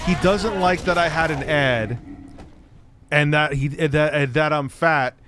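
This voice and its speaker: A man's voice: fairly high pitch, a little slow. A man hosting a podcast, chatting casually, joking and swearing freely, a little stoned. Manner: profane, joking, laughs often. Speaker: podcast host. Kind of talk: casual chat. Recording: music loud in background.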